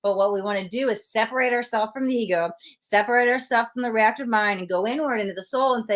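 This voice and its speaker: A woman's voice: on the high side, quick pace, few pauses. A woman hosting a live-stream tarot reading, talking through the cards in a reflective, coaching way and thinking aloud as she pulls them. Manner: reflective, coaching, spiritual self-help talk. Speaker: tarot reader.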